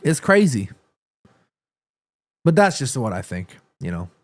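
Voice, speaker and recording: A man's voice: mid-range voice, measured pace. A man from New York City hosting a casual livestream, talking eagerly and at length while tired and a little under the weather. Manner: talkative, excitable opinion talk. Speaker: livestream host.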